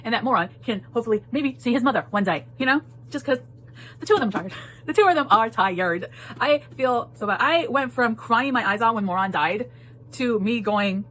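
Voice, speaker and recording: A woman's voice: a little high, fairly quick, fairly bright tone, slight background noise. A woman giving a casual spoiler book talk, emphatic and full of repeated phrases and laughter. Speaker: book reviewer.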